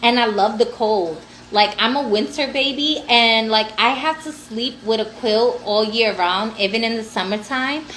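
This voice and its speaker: Woman livestream host, higher register, loose and profane, laughs often, faint background noise. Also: normal speed, hardly any pauses, a bit bright. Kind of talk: casual livestream chat.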